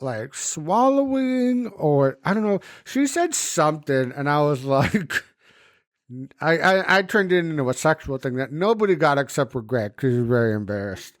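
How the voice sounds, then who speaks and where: A man's voice: on the high side, no room sound, clean studio sound. A man co-hosting a podcast in casual comedic chat, telling stories with lots of swearing and acted-out voices. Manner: animated storytelling, swearing, acting out quoted voices. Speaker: podcast co-host.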